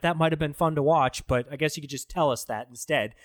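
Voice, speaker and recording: A man's voice: medium pitch, brisk, few pauses, no echo, clean studio sound. A man in casual podcast chat, reviewing a bad movie with profane, sarcastic jokes. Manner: profane, sarcastic, mocking impressions.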